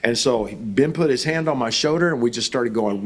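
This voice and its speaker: A man's voice: medium pitch, animated, brisk, slightly rough. A middle-aged man, a pastor, telling a story in conversation with fervent, emphatic declarations.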